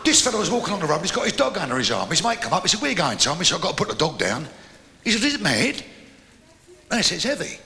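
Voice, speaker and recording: A man telling quick-fire jokes as a stand-up comedian, doing little voices for his characters. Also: sits high, huge pitch swings, gravelly, bright, forceful tone. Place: pub venue with live audience. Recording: echoey live pub recording with crowd.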